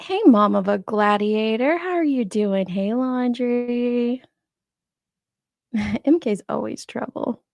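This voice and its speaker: Greeting viewers by name and laughing often, a chatty woman in her forties runs a live stream through a streaming setup mic. Her voice sits a little high and slow, darkish in tone with a gravelly, fried edge, recorded close and dry with no room sound at all.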